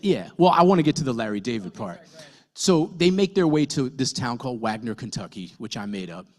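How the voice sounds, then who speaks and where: A man's voice: medium pitch, a little fast. Chatty male novelist telling a story. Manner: conversational, animated storytelling with fillers and swearing. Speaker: novelist at a book talk. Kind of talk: casual talk to an audience.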